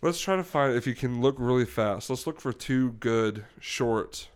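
A man chats easily in an ordinary mid-range voice. He is relaxed and self-mocking, with a loose, unhurried delivery. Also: mid-range voice, clear, resonant tone. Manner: easygoing, self-deprecating. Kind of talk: casual comedic chat.

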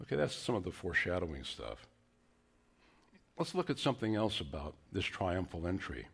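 A man preaching a sermon, acting out scripture quotes in hushed whispers and raised calls. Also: low voice, big pitch swings, normal speed, creaky, slightly rough. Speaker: pastor.

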